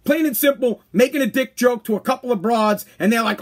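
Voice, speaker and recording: A man's voice: very high voice, fast talker. A man hosting his own podcast, ranting bluntly and crudely, with speech and mock voices. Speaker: podcast host. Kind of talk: ranting commentary.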